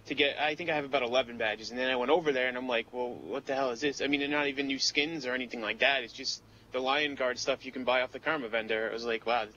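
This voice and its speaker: A man on a gaming podcast, talking quickly and sounding exasperated. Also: medium pitch, steady tone, bright, forceful tone, dull audio, slight background noise. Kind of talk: casual gaming podcast chat.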